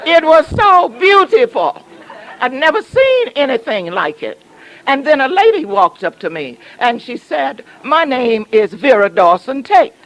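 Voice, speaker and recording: Lively woman pastor preaching a sermon. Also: high-pitched, unhurried, poor audio. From southern United States. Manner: humorous storytelling, teasing the congregation.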